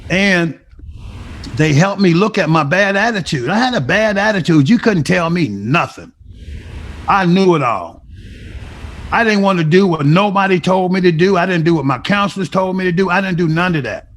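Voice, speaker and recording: A middle-aged man with a somewhat high voice tells his recovery story to an interviewer. He talks with emphasis, like a testimony, and slips into the voices of people from his past as he retells their words. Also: animated, normal speed. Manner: emphatic storytelling, acting out remembered dialogue. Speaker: guest sharing a recovery story. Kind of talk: personal testimony.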